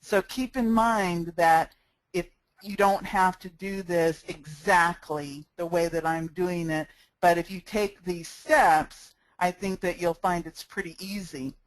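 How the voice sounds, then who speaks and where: A sales and marketing instructor, a woman with a fairly low voice, walks through a screencast tutorial step by step on a cheap headset mic. She speaks slowly and fairly evenly, friendly and practical, with a smile in her voice. The recording is dry and rough.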